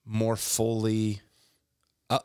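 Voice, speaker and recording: A man with a lowish voice talking earnestly about faith and vulnerability. He reads a short passage aloud, then reflects in measured, halting phrases. The sound is dry and close, with no room around it. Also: monotone, darkish tone, clear, resonant tone, dry recording. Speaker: podcast co-host. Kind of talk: faith-based reflective talk.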